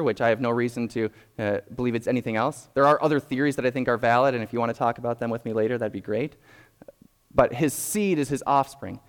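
A young adult man preaching a sermon as a pastor, explaining in a measured way with frequent restarts. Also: medium pitch. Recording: long reverb of a hall.

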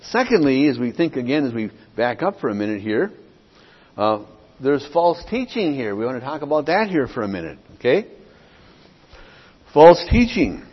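A man's voice: medium pitch, big pitch swings, brisk, slightly rough. A middle-aged man preaching an expository sermon as pastor, emphatic and repetitive, often checking in with his listeners. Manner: emphatic, repeats points, checks in with "okay?". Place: church sanctuary. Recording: dull lo-fi audio with long hall reverb.

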